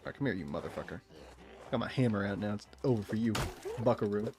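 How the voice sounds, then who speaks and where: A man streaming a game, swearing freely, joking, and reading in-game text aloud in an excitable way. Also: lowish voice, fast, soft background music. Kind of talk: gameplay commentary.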